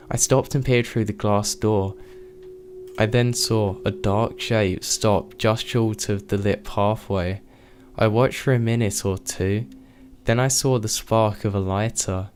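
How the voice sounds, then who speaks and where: Low-voiced man narrating horror stories. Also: a little mellow. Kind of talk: scripted horror story narration.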